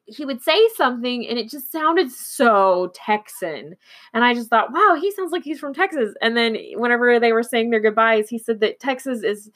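A woman's voice: on the high side, a bit bright. A woman from Oklahoma chatting casually as a host, rambling with fillers, restarts and frequent giggles. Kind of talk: casual chat.

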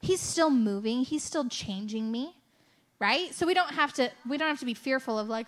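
Here a woman tells her faith story sermon-style, her high-pitched voice lively and her speed normal. The chatty account is candid and self-mocking, peppered with "like" and "right?".

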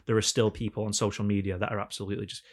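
A man with a Northern English accent in casual podcast chat, telling animated stories. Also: fairly low pitch, racing. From Northern England. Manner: animated storyteller, slips into mock voices. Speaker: podcast co-host.

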